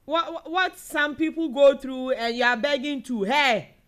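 On a casual live show, a young woman with a Ghanaian accent goes through viewer comments, chatting animatedly and laughing often. She has a high voice and doesn't hurry.

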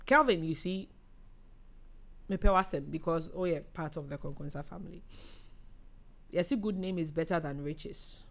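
A young woman with a Ghanaian accent hosts a casual live show, reading out viewer comments with chatty animation and plenty of laughter. Her voice is deep, and she speaks a little slowly, pausing often.

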